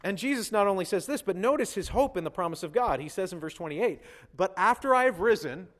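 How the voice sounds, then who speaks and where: A man preaching a sermon as a pastor, animated and acting out the voices of figures from the Bible. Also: sits high, fast talker.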